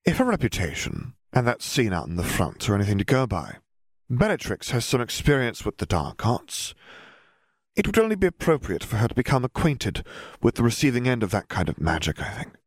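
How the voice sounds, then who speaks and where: A man voicing a calm, manipulative young male wizard who speaks softly and persuasively. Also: medium pitch, a little fast, no echo, studio quality, pitched above the performer's own voice, exaggerated voice. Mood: coaxing. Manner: soft, smooth, persuasive. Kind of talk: audiobook character voice.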